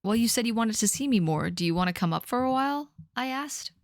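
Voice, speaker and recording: A woman's voice: on the high side, lively intonation, fast, dry recording. A woman in her thirties reading her teenage fanfic aloud on a live stream, often breaking off to laugh and comment. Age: 30s. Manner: laughing at her own writing, mock-dramatic asides.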